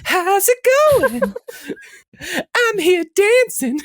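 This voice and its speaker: A man doing a soft, airy, sing-song impression of a high-voiced male pop star on a comedy podcast. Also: big pitch swings, extremely slow, heavily acted. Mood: breathy sweet.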